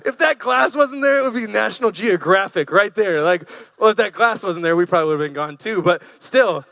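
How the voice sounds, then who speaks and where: Man, preacher, high voice, animated storytelling sermon, dry sound. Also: fairly quick, creaky, no echo.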